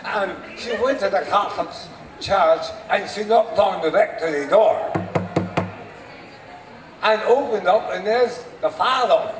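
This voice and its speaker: A man performing at a renaissance faire, telling a joke to a live crowd in an animated, audience-addressing way. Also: sits high, measured pace. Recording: echoey open air from far mic, noisy.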